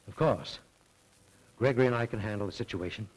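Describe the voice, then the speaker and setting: A man's voice: lowish voice, normal speed, close to an everyday voice, rough recording. An actor playing a guarded, anxious middle-aged father, in a 1930s film. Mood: worried.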